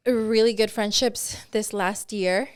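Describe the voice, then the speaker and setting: A young woman co-hosting a podcast in casual chat, animated, swearing a lot and laughing often. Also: mid-range voice, slow pace, smooth. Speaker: podcast co-host.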